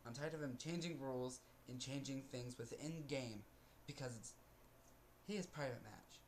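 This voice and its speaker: A man venting on camera in a rambling, aggrieved rant, sighing often and restarting his sentences. His voice sits at an ordinary middle pitch. Faint background noise hangs under him. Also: slow, long pauses. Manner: aggrieved, ranting, with frequent sighs. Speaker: vlogger. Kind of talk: casual storytelling rant.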